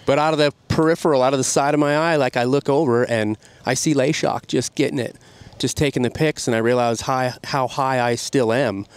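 A middle-aged man, a podcast guest, telling an animated story about riding. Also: mid-range voice, brisk, hardly any pauses, clean tone, no room sound. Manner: animated, excited storytelling with laughs. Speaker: podcast guest, snowmobile rider. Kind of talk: casual storytelling.

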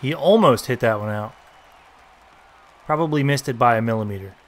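A young man giving casual, joking commentary while playing a baseball video game, reacting loudly to big plays. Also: mid-range voice, normal speed. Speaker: gaming YouTuber.

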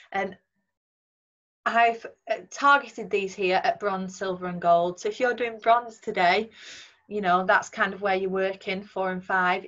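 A woman teacher with a Northern English accent, talking students through a recorded lesson in a clear, patient way with frequent ums. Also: mid-range voice, fairly bright tone, muffled recording. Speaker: secondary school English teacher. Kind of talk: recorded remote lesson talk over slides.

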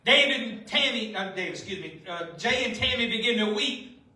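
A man pastor preaching a Pentecostal sermon, shouting with passion and dropping to hushed storytelling. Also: very high voice, expressive, brisk. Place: church sanctuary. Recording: very echoey room, distant mic.

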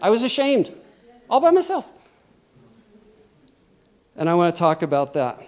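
A middle-aged man preaching a sermon in a lively, conversational way, often acting out quotes. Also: high-pitched, unhurried.

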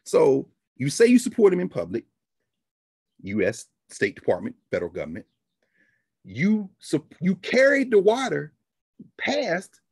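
An animated man holds forth in commentary, his husky voice swinging from high to low. He keeps acting out other people's voices as he goes. The sound is close and dry, with no room around it. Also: dry recording. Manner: animated, plays out voices of officials. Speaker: history lecturer. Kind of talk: animated commentary with acted-out phone calls.

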